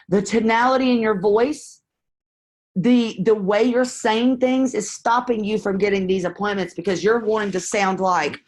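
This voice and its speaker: A woman's voice: fairly high pitch, normal speed. A woman coaching real estate investors in a live stream, talking candidly and acting out sample phone calls. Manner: candid, conversational, acts out phone scripts.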